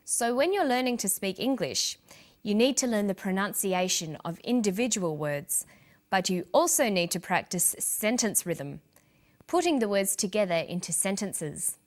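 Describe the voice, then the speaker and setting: Lady teacher walking thru english pronunciation, clear and careful, voice goes up and down a lot. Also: mid-range voice, lively intonation. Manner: clear, deliberate, stresses syllables for learners. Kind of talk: scripted teaching narration.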